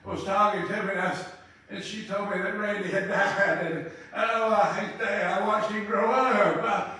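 An older man preaching a revival-style funeral sermon in a funeral home chapel, halting and full of filler sounds, breaking into loud praise. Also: high voice, steady tone. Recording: echoey room, distant mic.

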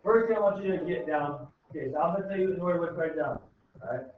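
A man teaching a high school math class, explaining step by step in an informal way and often checking in with "okay?". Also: fast, a little hiss or hum. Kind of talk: classroom lecture. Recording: echoey room, tinny far-off mic.

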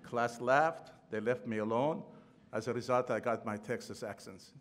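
A man's voice: mid-range voice, normal speed, a little hiss or hum. An older man with a non-native English accent gives a eulogy at a memorial. He tells humorous personal anecdotes and chuckles, with slightly non-native grammar, speaking at a podium microphone. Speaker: memorial speaker, former professor and trustee. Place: large ballroom at a podium.

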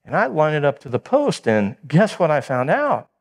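A middle-aged man preaching a sermon, telling a family story with lively acted-out dialogue. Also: on the high side, moderate pace. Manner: animated storytelling, acting out dialogue. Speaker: pastor.

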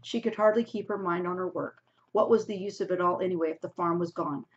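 A woman teacher reading a novel aloud to her class in a steady narrating voice, on a dull lo-fi recording. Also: lowish voice, fast.

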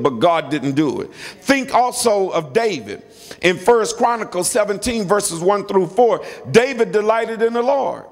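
A middle-aged male pastor preaching a sermon, emphatic, repeating words and calling on the congregation to respond. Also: high-pitched. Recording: long hall reverb.

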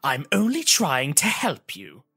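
A man voicing an eccentric male mask seller in an audiobook, speaking in a high, sing-song, theatrical way. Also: huge pitch swings, a little slow, pushed and bright, slightly rough, full character voice. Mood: ominous.

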